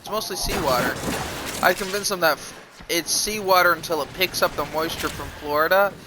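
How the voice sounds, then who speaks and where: A man telling a story on a live stream, swearing often in a loose, animated way. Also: sits high, a little fast, noisy background. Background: music.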